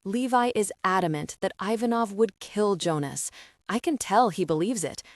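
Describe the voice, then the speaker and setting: A woman narrator voicing an anxious young woman who explains things softly and with worry. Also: medium pitch, expressive, moderate pace, no echo, clean studio sound, lightly acted. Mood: worried.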